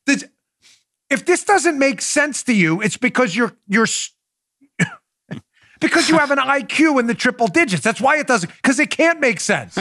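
A man's voice: extremely high pitch, very animated, a little slow, pushed and bright, dry recording, clean studio sound. A man hosting a political podcast, talking in a sarcastic, incredulous and emphatic way to his listeners and his co-host. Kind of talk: opinionated podcast monologue.

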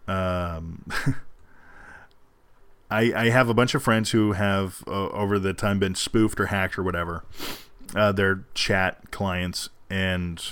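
A man hosting a show, chatting casually and hesitantly, with frequent pauses and restarts, on a close, dry mic. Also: deep voice, fairly bright tone, no room sound. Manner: hesitant, lots of ums and restarts. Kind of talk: casual chat.

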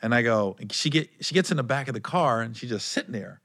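A man with a bright, forceful voice and a lively, swooping pitch, telling anecdotes in a casual chat. He acts out what other people said in high put-on voices. The sound is dry and close. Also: quick pace, creaky, no echo.

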